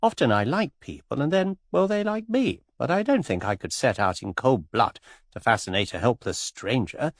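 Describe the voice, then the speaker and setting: A breezy young society woman, witty and lightly mocking, spoken softly with lively rises and dips, as a male audiobook narrator voices her. The voice is husky and close, in a dry space. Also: medium pitch, moderate pace, no echo. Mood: teasing. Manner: airy, teasing, softly amused.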